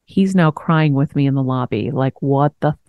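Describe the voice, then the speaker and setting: A woman in her forties hosting a podcast, telling a personal story in a frank, animated way, laughing now and then. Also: rumbling low, normal speed, dry recording, lo-fi sound. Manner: frank, animated, swears and laughs while telling hard news. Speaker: host. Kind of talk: candid conversational storytelling.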